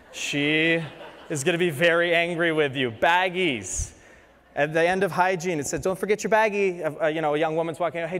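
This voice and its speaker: A man with a Canadian accent, a dentist giving a chatty, joking lecture to dental students. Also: fairly high pitch. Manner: chatty and joking, animated asides. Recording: long hall reverb.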